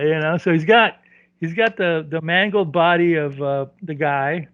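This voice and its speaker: A man's voice: on the high side, measured pace, smooth, no room sound, dull audio. A man co-hosting a casual movie review podcast, rambling and jokey with frequent chuckles. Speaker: podcast co-host.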